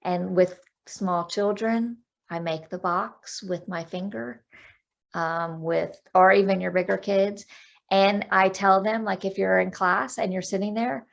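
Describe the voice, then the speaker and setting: A woman life coach, a guest on a podcast interview over a video call, explaining calming techniques in a practical way and counting out breaths. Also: mid-range voice, unhurried, creaky.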